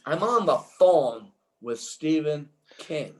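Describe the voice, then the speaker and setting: Excitable older man telling rambling stories. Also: on the high side, slow, low-quality recording. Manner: excitable, rambling, full of restarts. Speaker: interview guest, filmmaker. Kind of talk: rambling anecdotal storytelling.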